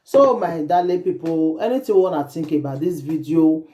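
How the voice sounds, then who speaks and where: A woman's voice: low voice, moderate pace, dark tone. A woman host with a Nigerian accent, giving emphatic commentary in Pidgin and English and repeating phrases as she laments. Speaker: online show host.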